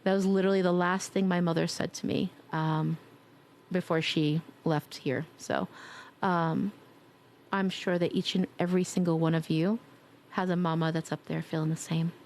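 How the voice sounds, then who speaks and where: A woman's voice: lowish voice, steady tone, moderate pace, slight background noise. A woman streamer chatting casually and affectionately as she signs off her stream, a bit congested. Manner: warm, affectionate, blowing kisses. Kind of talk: casual stream sign-off chat.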